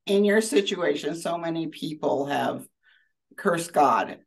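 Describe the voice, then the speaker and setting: A woman interviewer who asks her questions slowly and deliberately. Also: low-pitched, lively intonation, gravelly, slightly rough, rough recording.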